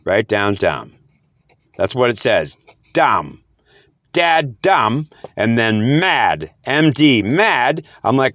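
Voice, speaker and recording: Guy slowly going over spirit messages, repeating words, sounding them out, sudden disbelief, dry close sound. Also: medium pitch, very animated, a bit bright, dry recording. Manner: repetitive, sounding out words syllable by syllable; rises to incredulous outbursts. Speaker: spiritual speaker. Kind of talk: explaining spirit messages to camera.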